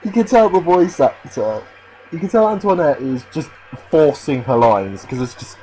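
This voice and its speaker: A man's voice: a little high, animated, moderate pace, mellow, a little hiss or hum, rough recording. A man giving sarcastic, wry commentary while playing a mystery video game. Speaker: gameplay commentator. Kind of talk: let's play commentary.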